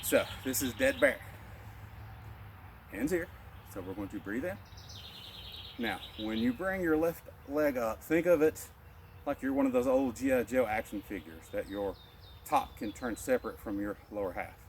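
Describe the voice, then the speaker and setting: A man teaching a guided qigong lesson as a martial arts instructor, calmly cueing breaths and movements. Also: medium pitch, normal speed, background noise. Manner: calm, cueing breaths and moves.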